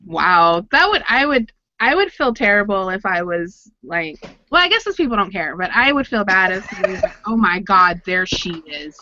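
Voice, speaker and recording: A woman's voice: medium pitch, very animated, normal speed, few pauses, pushed and bright, dry recording, muffled recording. A woman hosting a casual online chat show, talkative and laughing often. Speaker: podcast host.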